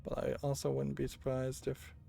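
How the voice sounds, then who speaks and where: Brief: unhurried male let's-play commentator, gravelly and dark, thinking out loud. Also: medium pitch, completely flat delivery, faint music behind. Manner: unhurried, thinks aloud with musing hums. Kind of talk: casual gameplay commentary.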